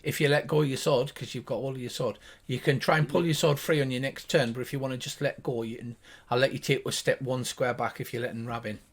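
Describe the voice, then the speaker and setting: A man's voice: medium pitch, steady tone, quick pace. An older man running a tabletop game as game master, narrating in vivid detail with fillers.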